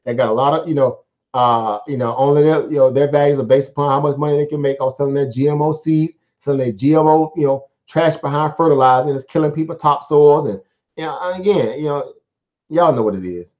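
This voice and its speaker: A man's voice: on the high side, fairly even intonation, fast talker, darkish tone. Rambling slangy man, dull stream audio. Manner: rambling, repeats himself, many fillers, slangy. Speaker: stock market live stream host. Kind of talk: casual live market commentary.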